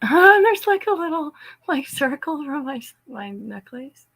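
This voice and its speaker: A hoarse woman chatting casually on a live stream, giggling often. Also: sits high, big pitch swings, unhurried, fairly bright tone, dry recording, poor audio. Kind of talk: casual chat.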